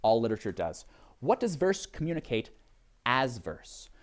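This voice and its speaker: A man's voice: medium pitch, very animated. A man giving a classroom lecture on poetry, questioning his students, with frequent ums and restarts. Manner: reads verse slowly with heavy stress. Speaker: literature lecturer.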